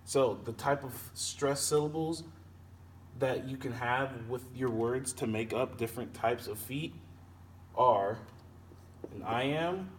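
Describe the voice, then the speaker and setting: A man teaching a lesson on poetic meter, explaining slowly and repeating and sounding out words. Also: mid-range voice. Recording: distant mic with faint background noise.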